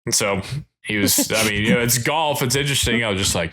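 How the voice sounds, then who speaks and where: A man co-hosting a podcast, talking in a relaxed, rambling way with self-conscious laughs. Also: medium pitch, quick pace. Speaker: podcast co-host. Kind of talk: casual chat.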